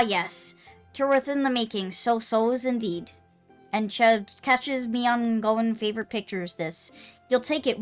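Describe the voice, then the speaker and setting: A woman's voice: a little high, lightly acted. A woman voicing a quaint ancient forest creature, speaking in broken archaic phrases with tender affection.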